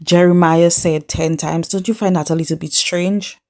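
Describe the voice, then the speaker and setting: A young woman hosts a casual reality TV recap vlog. She retells scenes in a chatty, animated way and slips into the islanders' lines. Her voice sits low for a woman and sounds mellow and warm. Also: moderate pace. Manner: chatty, animated storytelling with quoted asides.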